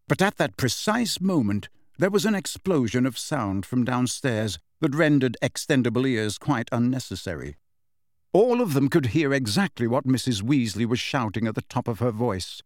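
A man with a mid-range voice narrates an audiobook, telling the story in an expressive yet measured way. The studio sound is clean, with no echo.

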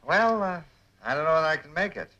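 A man's voice: fairly high pitch, animated, fairly quick, bright, forceful tone, muffled recording. An actor playing a playful middle-aged bachelor friend who needles his pal, in 1950s sitcom style. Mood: teasing. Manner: teasing, playful.

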